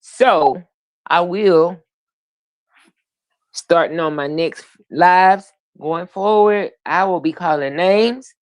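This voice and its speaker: Casting note: a woman co-host, low voice, very slow and deliberate, dry close sound. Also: dry recording. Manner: unfiltered, outspoken, slow and deliberate. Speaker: livestream co-host. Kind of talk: casual live chat.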